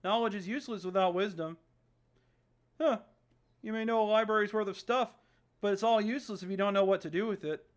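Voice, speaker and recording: A streamer reading aloud the lines of a calm, wise young woman from a story game, in a soft, measured voice. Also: medium pitch, lightly acted.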